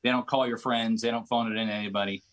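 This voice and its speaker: A man finishing a casual stand-up set over a video call, rambling into a deadpan punchline. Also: on the low side, fast. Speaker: stand-up comedian.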